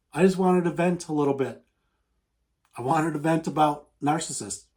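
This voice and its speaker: A man's voice: on the high side, darkish tone. A man venting to camera in an earnest, repetitive advice monologue, often acting out the people he talks about. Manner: earnest, repetitive, acts out quoted voices. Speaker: advice vlogger.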